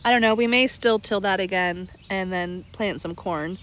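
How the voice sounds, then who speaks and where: A woman's voice: mid-range voice, moderate pace, a little hiss or hum. A heavily pregnant woman in her thirties, short of breath, chatting casually about her garden while seated outdoors. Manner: relaxed, chatty, laughs lightly. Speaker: garden vlogger. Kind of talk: casual garden update chat. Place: backyard garden, outdoors, seated in a lounge chair.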